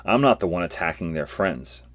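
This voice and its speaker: A man's voice: sits low, lively intonation, normal speed. A man voicing an earnest young female alien Jedi student who speaks in a pleading, indignant way while reading a comic aloud.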